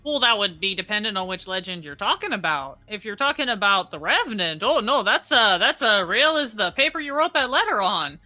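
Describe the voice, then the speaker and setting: A woman's voice: mid-range voice, sing-song, a little fast, few pauses, bright, forceful tone, faint music behind. A woman voicing a chatty young female telegraph clerk who talks in a folksy way. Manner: folksy and talkative, says "don't you know".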